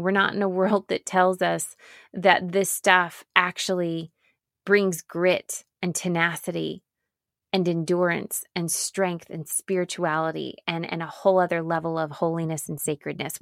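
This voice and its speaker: Woman pastor-speaker, earnest and emphatic, slightly low voice, close and dry. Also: fairly even intonation, vocal fry, fairly bright tone, no echo. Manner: earnest, emphatic, with repeated phrases and slow pauses. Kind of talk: reflective spoken talk on grief.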